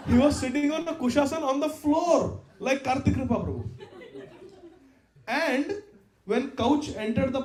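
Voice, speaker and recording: A man teaching a scripture class, telling a story in an animated way, acting out the dialogue and laughing often. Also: high voice, roomy sound. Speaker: spiritual teacher.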